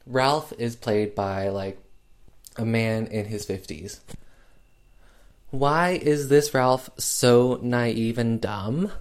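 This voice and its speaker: A man's voice: fairly low pitch, darkish tone, clean tone. A man giving a casual, sarcastic film review, rambling with lots of fillers.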